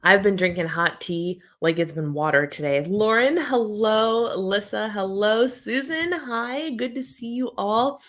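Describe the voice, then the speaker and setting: A woman in her thirties hosts a casual live chat from home, her throat a little scratchy. She chats along easily at a middling pitch, reading out viewer comments and answering them. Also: unhurried, hardly any pauses, fairly bright tone. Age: 30s. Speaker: host.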